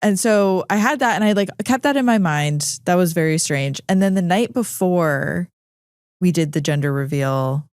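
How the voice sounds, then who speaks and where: A woman podcast host tells a personal story with lively, animated delivery. She acts out the voices of the people she quotes. Her voice is recorded dry and close to the mic. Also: on the low side, normal speed, clean tone, no room sound. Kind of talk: casual chat.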